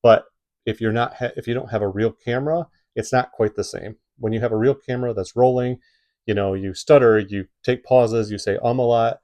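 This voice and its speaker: A man's voice: medium pitch, steady tone, fairly quick, warm tone. A man with a Midwestern accent giving casual advice to camera from home, rambling with many fillers and restarts. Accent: Midwestern American. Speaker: YouTube creator giving tips.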